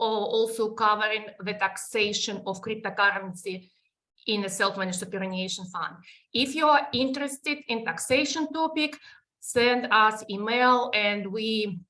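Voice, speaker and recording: A woman's voice: medium pitch, sharp tone. Russian-accented woman presenting a webinar. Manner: explanatory, with many restarts and fillers.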